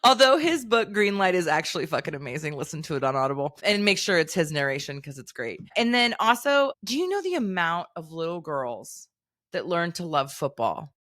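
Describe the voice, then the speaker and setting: Middle-aged woman podcast co-host with a somewhat low voice. Emphatic, profane, casual, dry close mic. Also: big pitch swings, a little fast, fairly bright tone, no room sound. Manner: emphatic, swears freely.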